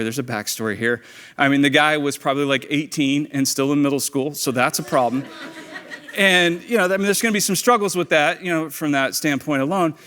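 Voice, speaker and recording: Animated preacher in an echoing hall. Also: male voice, a little high. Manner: storytelling, animated, acts out quoted lines. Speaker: pastor. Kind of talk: sermon. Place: church auditorium. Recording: echoey church hall.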